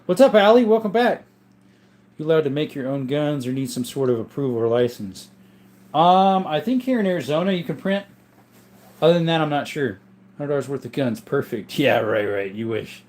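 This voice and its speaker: A man streams a casual live chat from his home gun room, voicing viewers' comments and replying loosely and at length. He speaks briskly in a medium-pitched, slightly mellow voice that comes across strained and worn.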